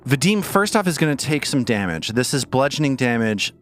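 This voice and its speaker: A man's voice: medium pitch, sing-song, fairly quick. A man running a tabletop game as game master, narrating scenes playfully and laughing often. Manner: playful, describes scenes vividly with frequent laughter.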